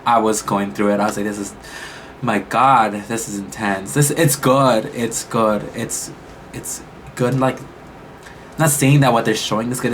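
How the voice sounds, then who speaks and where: A man's voice: on the low side, slight background noise, poor audio. A young man reacting to a show episode, talking casually and emotionally with lots of exclamations and restarts. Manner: emotional, exclamatory, thinks aloud with many restarts. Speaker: reaction YouTuber.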